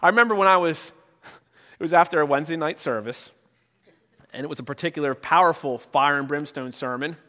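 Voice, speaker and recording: A man preaching a sermon as pastor, talking conversationally and acting out quoted voices with sudden loud shouts. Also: a little high, fairly quick. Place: church sanctuary. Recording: long reverb of a church hall.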